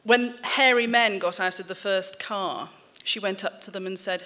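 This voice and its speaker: A woman author in her forties, from the English-Welsh border country, reading a memoir aloud to an audience in a wry, measured way with dry asides. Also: mid-range voice, bright, forceful tone. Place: stage in a hall. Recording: reverberant hall.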